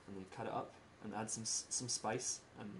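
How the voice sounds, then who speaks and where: A Scottish man giving a casual talk to a small group, in simple slow words and laughing often. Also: lowish voice, steady tone, a little hiss or hum. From Scotland. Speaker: presenter giving a talk about Scotland.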